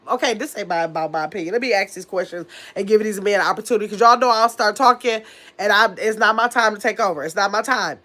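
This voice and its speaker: On a casual livestream, a woman with a fairly bright, higher-pitched voice speaks briskly with lively intonation. She reads viewer comments aloud and works out a phone number, chatty and distracted, calling her audience "y'all," a little under the weather as she recovers from illness.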